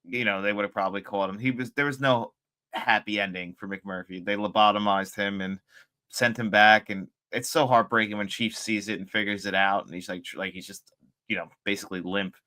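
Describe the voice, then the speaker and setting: A man with a low voice and a bright, forceful edge. He co-hosts a film podcast, talking casually in loose sentences packed with "like" and "you know". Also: fairly even intonation, a little fast. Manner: loose, filler-heavy speech with frequent "like". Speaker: podcast co-host. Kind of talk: casual film review chat.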